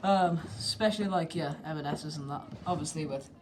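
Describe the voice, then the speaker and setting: Young woman, slightly low voice, casual rambling chat, cheeky, living room, noisy camera audio with clicks. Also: moderate pace. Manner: chatty, rambling, cheeky, many fillers. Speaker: channel host. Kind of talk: casual live commentary. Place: indoor living room by a window. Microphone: handheld camera.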